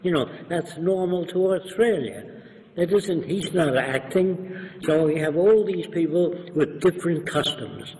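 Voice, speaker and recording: A man's voice: fairly high pitch, a little slow, darkish tone. An older man tells stories in a lecturing tone, sometimes acting out the voices of the people in them. His voice sits in a long, echoing room, with a faint hiss underneath. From New York. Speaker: interviewee. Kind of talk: anecdotal storytelling.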